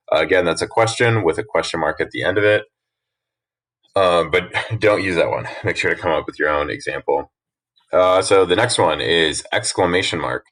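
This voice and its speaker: A man teacher walking students through a worksheet in a relaxed, explanatory way with frequent fillers. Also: sits low. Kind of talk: recorded classroom lesson.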